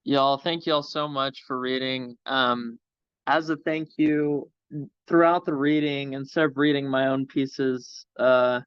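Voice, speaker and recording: Slow, flat-voiced man on dull video call audio. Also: medium pitch, clean tone, no echo. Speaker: featured author. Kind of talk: soft-spoken remarks at a reading. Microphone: video call microphone.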